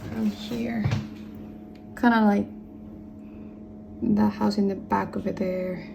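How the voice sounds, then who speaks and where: A woman with a steady, mid-range voice speaks slowly while chatting casually on a road-trip travel vlog. Her talk is loose and rambling, often trailing off and restarting, in a lo-fi outdoor recording with clear background noise.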